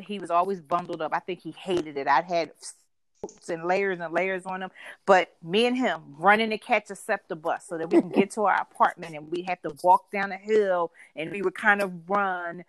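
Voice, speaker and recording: A woman's voice: medium pitch, fairly bright tone, no echo. A woman from Philadelphia, a podcast guest, telling a personal story in a heartfelt, reflective way, laughing now and then.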